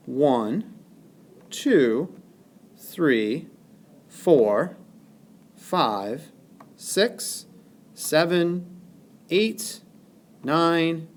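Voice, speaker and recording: A male teacher giving a recorded lesson, speaking deliberately and exaggerating stressed syllables. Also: fairly high pitch. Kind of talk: recorded classroom lesson narration.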